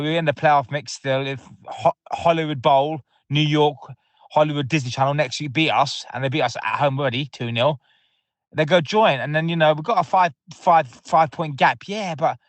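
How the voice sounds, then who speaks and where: Man, mid pitch, dry close sound, ranting and swearing, fuming fan voicemail. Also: a bit bright, no echo. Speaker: caller leaving a voicemail. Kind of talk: angry fan voicemail rant.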